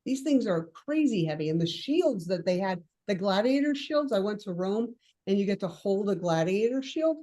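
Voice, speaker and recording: A woman leading an online coaching class, chatty and animated, laughing often and acting out conversations with clients. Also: medium pitch, moderate pace, few pauses.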